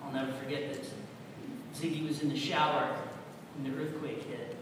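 Pastor, man, fifties, lively storyteller who drops to a hush then shouts; recorded distant in a reverberant hall with noticeable room noise. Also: medium pitch, normal speed. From California. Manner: animated storytelling, shifting from hushed to shouting. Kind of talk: sermon. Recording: echoey hall from far off, audible room noise.

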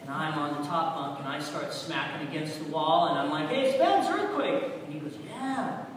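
Pastor, man, fifties, lively storyteller who drops to a hush then shouts; recorded distant in a reverberant hall with noticeable room noise. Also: fairly high pitch, brisk. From California. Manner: animated storytelling, shifting from hushed to shouting. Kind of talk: sermon. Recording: echoey hall from far off, audible room noise.

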